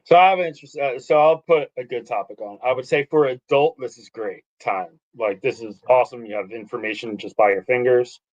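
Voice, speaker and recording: A man's voice: mid-range voice, fairly quick, hardly any pauses, lo-fi sound. A man in his thirties, a podcast guest, telling stories in a loose, rambling way with lots of fillers. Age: 30s. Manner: rambling, animated storytelling with many fillers. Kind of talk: casual podcast chat.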